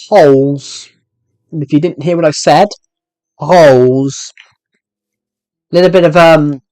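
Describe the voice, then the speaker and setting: Young male streamer, hyper and jokey, slightly high voice, dry close mic. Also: a little mellow, no echo. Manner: hyper, jokey, rambling, answers chat messages. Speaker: live streamer. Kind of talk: casual live-stream chat while gaming.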